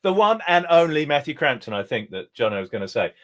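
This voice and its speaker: A man, a guest entertainer, telling pun jokes with deadpan timing over a video call, slipping into little character voices. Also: fairly high pitch, quick pace. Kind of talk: joke-telling and banter on a live online show.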